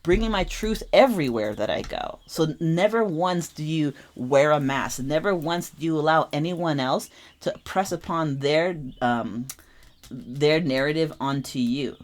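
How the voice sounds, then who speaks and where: A woman's voice: low-pitched, animated, measured pace. A young adult woman giving a casual tarot reading, talking animatedly and repeating phrases for emphasis. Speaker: tarot reader.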